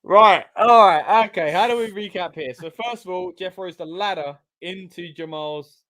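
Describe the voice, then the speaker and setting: An English man co-hosting a casual watch-along, chatty and excitable with loud exclamations. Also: high voice, moderate pace. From England. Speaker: co-host.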